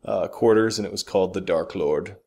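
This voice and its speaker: A man's voice: sits low, a little fast, vocal fry, a little mellow, husky. A man co-hosting a podcast, chatting casually about games and movies with blunt, opinionated remarks and casual swearing. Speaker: podcast co-host.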